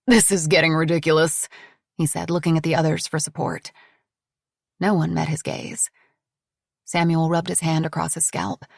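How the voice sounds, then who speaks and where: A woman's voice: deep voice, little pitch movement, moderate pace, creaky, long pauses, a little mellow, breathy edge, dry recording. A woman narrating an audiobook in a dramatic, tense storytelling manner on a close studio mic.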